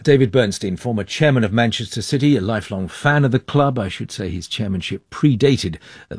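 A man hosting a radio discussion in a measured, formal way, introducing guests and posing questions. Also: low-pitched, a little mellow, husky, no echo, studio quality. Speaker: radio presenter. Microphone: studio mic.

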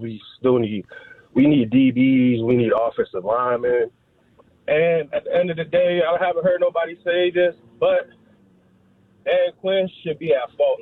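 A man's voice: medium pitch, slightly rough, no echo. A man in his thirties calling in to a sports radio show, rambling and hesitant with lots of slang. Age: 30s. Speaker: caller. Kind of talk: phone call-in chat. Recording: dry tinny phone line.

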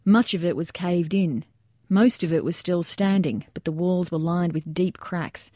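A woman narrating an audiobook in a measured, steady reading style. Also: fairly low pitch, no room sound, studio quality.

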